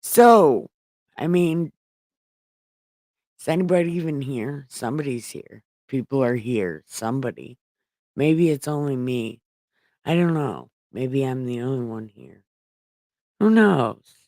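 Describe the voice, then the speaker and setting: A woman's voice: very deep voice, expressive, takes it slowly, long pauses, mellow, dry recording. A woman casually reading the Bible on a livestream, stopping to correct herself, swearing in her paraphrases and rambling to her viewers. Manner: irreverent, swears while paraphrasing; rambling, self-correcting, talks to an empty chat. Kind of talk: casual live Bible reading with chatty asides.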